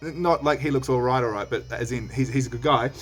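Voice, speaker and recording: A man talking through a play with his students in a relaxed, chatty manner. His pitch sits in the middle of the range, and he uses plenty of filler words. Quiet music plays in the background. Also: fairly quick, husky. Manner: casual and chatty, with many fillers. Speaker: teacher. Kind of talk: explaining a play while reading aloud. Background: faint background music.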